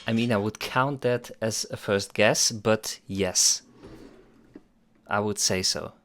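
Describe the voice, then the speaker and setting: Slow and a bit bright, a lowish male voice hosts a music production livestream. He chats playfully and rambles with his viewers, chuckling often.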